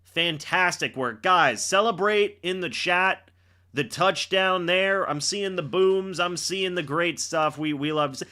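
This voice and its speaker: A young man hosting a live reaction stream, calling the plays and shouting and teasing players on big moments. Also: high-pitched, measured pace. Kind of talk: excited live play-by-play reaction.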